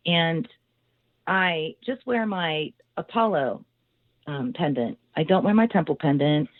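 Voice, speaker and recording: Low-voiced woman, rambling storyteller, dry tinny phone audio. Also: dry recording. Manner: rambling and animated, with many fillers. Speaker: owner of a haunted house, interview guest. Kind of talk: casual storytelling.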